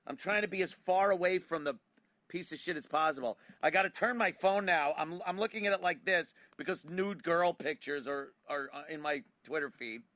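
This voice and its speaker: A man's voice: a little high, a bit bright, no room sound. Profane, annoyed New man ranting. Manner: annoyed, profane, sarcastic storytelling. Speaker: show host. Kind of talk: comedic rant.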